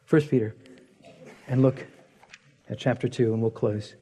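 A man preaching a sermon as pastor, retelling stories dramatically and dropping to hushed intensity. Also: mid-range voice, steady tone, unhurried, slightly rough.

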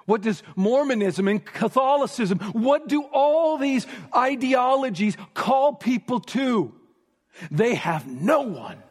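A man with a high voice preaches a sermon at an unhurried pace, leaning on repeated phrases and sometimes sinking to a near whisper. His voice rings with the long reverb of a large church hall. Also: sing-song. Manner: emphatic, repeating phrases, dropping to a hush for stress.

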